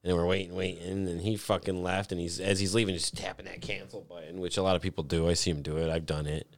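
A man's voice: low-pitched, fast talker, dry recording. A man in casual chat, telling a story animatedly, swearing often and acting out the people in it. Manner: animated storyteller, swears a lot, acts out voices.

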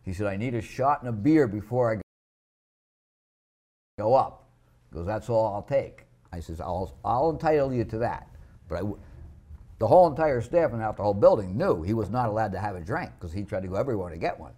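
Lively low-voiced man recalling stories. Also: quick pace. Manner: laid-back anecdote teller, chuckles often. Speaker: guest, former club manager. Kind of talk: casual storytelling.

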